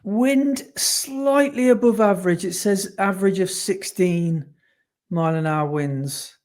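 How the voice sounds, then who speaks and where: A man co-hosting a laid-back podcast talks in a high, slightly mellow voice at an unhurried pace. He chats and rambles, often correcting himself mid-sentence.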